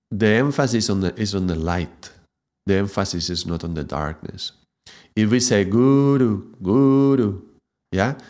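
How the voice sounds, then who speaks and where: A man teaching Kundalini Yoga in a gentle spiritual talk, often checking in with "yeah?". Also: low-pitched.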